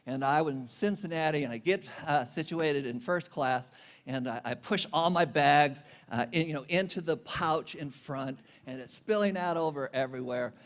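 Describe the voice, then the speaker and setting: A man's voice: on the high side, moderate pace. A man giving a conference speech, telling a humorous self-deprecating travel story. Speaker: conference speaker. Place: conference venue.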